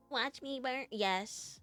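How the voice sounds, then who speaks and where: A woman's voice: sits high, a bit bright. A young woman streaming and chatting casually with her viewers, playful and giggly, teasing herself. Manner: playful, giggly, self-mocking. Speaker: VTuber streamer.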